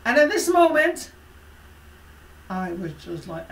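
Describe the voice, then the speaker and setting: A woman life coach telling a motivational personal story, emphatic and expressive, with frequent fillers. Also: mid-range voice, slow, creaky, pauses often, far from the mic, a little hiss or hum. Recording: roomy echo from away from the mic.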